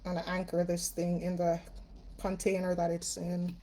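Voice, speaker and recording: A woman's voice: fairly low pitch, completely flat delivery, normal speed, warm tone. A woman from Jamaica with a Jamaican accent, hosting a casual live-stream at home as a spiritual reader. She chats with her viewers and greets them by name. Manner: chatty, greets viewers by name, many fillers. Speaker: spiritual reader and livestream host.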